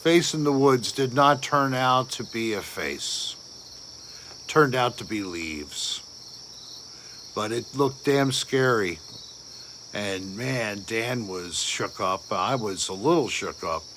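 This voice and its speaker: A man's voice: fairly low pitch, animated, slow pace, long pauses, pushed and bright, a little hiss or hum. A man hosting a casual late-night livestream, rambling and answering viewer comments aloud. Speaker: livestream host reading viewer chat.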